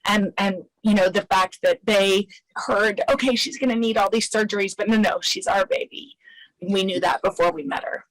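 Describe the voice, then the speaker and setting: A woman hosting a TV interview. She asks questions at a mid pitch and offers soft, affirming responses while listening. She is recorded close and dry, with no room echo. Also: steady tone, normal speed. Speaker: TV host.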